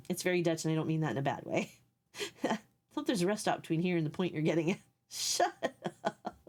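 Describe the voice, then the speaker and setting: A woman's voice: lowish voice, very animated, darkish tone. Brief: youthful-voiced Texan woman streamer, casual and profane, chatting with her viewers. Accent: Texan Southern. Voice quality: youthful-sounding voice. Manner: candid and profane, with quick asides. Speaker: livestreamer.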